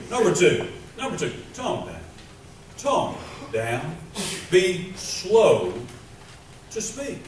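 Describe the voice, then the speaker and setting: A man, a pastor, preaching a sermon with emphatic repetition and shifting loudness, recorded in a church sanctuary. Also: on the high side. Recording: echoey church room, mic at a distance, faint noise.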